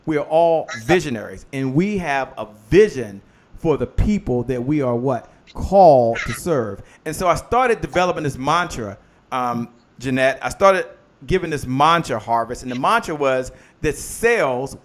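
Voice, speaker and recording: A man's voice: mid-range voice, animated, moderate pace. A man hosting a live motivational business show, preaching in call-and-response and greeting viewers by name. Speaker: host.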